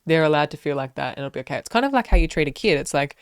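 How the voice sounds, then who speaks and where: A young woman co-hosting a casual talk with her partner, reflective and calm. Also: sits low, racing, no echo, clean studio sound. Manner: reflective, calm, often murmurs agreement. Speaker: podcast co-host. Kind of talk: casual couple chat.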